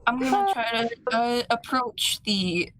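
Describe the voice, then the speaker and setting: A woman's voice: on the high side, sing-song, measured pace, fairly bright tone, a little hiss or hum. A woman playing in a tabletop game, speaking casually in a matter-of-fact, slightly hesitant way. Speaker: player.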